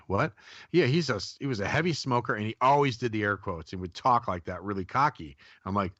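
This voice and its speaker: On a dry, dull lo-fi radio recording, a man with a fairly low voice talks briskly, with lively intonation and a sharp tone. A psychic medium appearing as a radio guest, he rambles through casual storytelling, keeps restarting, and performs the voices of those he quotes.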